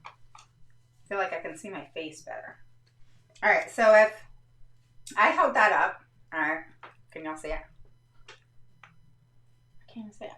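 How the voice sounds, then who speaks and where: A woman's voice: lowish voice, a little slow, long pauses, bright, forceful tone. A woman hosts a casual live stream, explaining things step by step and often checking in with her viewers. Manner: explanatory, keeps checking in with "all right". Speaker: host of a parenting live stream. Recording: roomy, slightly distant mic.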